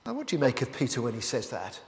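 A man's voice: mid-range voice, wildly swooping pitch, fast, darkish tone, a little hiss or hum. A man preaching a sermon as he works through a Bible passage, often turning statements into rhetorical questions to the listeners. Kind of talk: expository sermon. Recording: echoey hall with long reverb.

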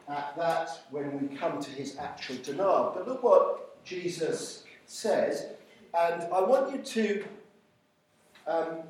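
A man preaching an informal sermon, reading scripture slowly and deliberately. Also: on the high side, a little mellow. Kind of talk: informal sermon at a church evening meal. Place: large echoey church hall. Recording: very echoey hall, voice from far off, faint noise.

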